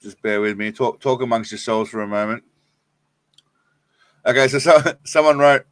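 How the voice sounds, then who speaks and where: A man's voice: medium pitch, moderate pace, long pauses, dry recording. A man hosting a livestream who comments on clips with crude jokes and frequent laughs. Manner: crude joking, laughs often. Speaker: livestream host. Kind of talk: casual reaction commentary.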